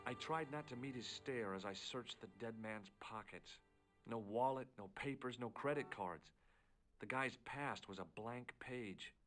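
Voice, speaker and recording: An actor with an American accent voicing a laid-back tourist hero who narrates with dry, wry wit in a 1990s point-and-click game. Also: male voice, medium pitch, unhurried, fairly bright tone, soft background music, lightly acted. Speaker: player character and narrator.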